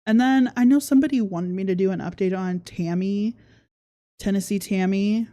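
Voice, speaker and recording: Mellow-voiced woman, sarcastic livestream host. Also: mid-range voice, normal speed. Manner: sarcastic, laughs often while talking; reads viewer comments aloud. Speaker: podcast host. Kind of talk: casual livestream commentary.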